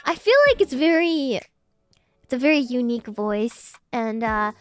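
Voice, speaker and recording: A woman's voice: fairly high pitch, animated, unhurried, clean tone. A woman streamer chatting casually with her live chat, reading messages and thanking viewers. She talks in a posh, slightly uppity-sounding English and giggles often. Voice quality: formerly very nasal, now loosened.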